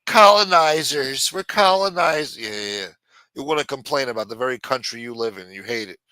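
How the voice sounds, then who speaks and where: Middle-aged man, heated profane rant, bright edge, dry close sound. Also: mid-range voice, fast talker, dry recording. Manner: blunt, heated, swears constantly. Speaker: live-stream host. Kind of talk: profane ranting monologue.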